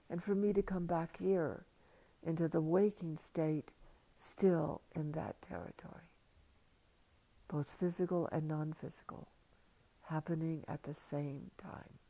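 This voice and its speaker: Older woman, slow gentle livestream talk, low gravelly voice, hushed with whispers. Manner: soft and hushed, slipping into whispers. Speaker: spiritual teacher. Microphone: livestream computer mic.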